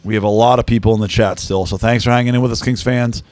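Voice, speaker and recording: A man's voice: mid-range voice, steady tone, quick pace, a little mellow, no room sound. A man co-hosting a live hockey watch-along in a studio, chatty and jokey as he reads out stats. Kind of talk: casual live chat. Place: team studio.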